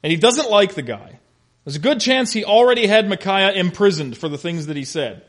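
A man with a fairly high voice teaching a Bible study class. He is animated and full of questions, and he adds touches of humor as he walks through the passage. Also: fairly quick. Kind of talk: interactive Bible lesson.

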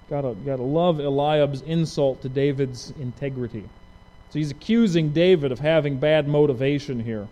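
A man's voice: medium pitch, a little fast. A man preaching a verse-by-verse Bible sermon, asking his listeners questions and acting out the people in the story. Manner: lively, asks the audience questions; acts out quoted speech conversationally.

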